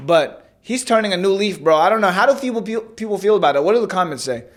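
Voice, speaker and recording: A man co-hosting a podcast in casual chat, joking loosely and reacting loudly with slang. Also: high voice, expressive, fast. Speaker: podcast co-host.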